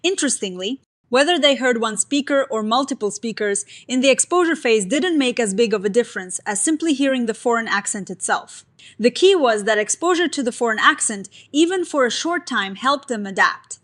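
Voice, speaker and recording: A woman narrating a scripted science explainer in a clear, even, explanatory way. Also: a little high.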